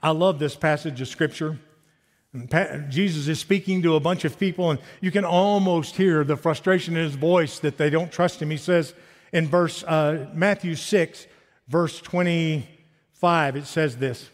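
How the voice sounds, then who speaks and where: A man in his fifties preaching a sermon, animated, asking his listeners rhetorical questions. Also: a little high, a little slow. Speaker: pastor. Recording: long hall reverb.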